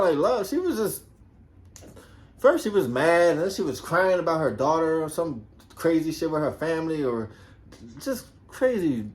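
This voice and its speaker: A man who used to be a police officer, telling a story casually, swearing a lot and acting out the voices of people in it. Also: mid-range voice. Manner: profane and animated, acts out quoted voices.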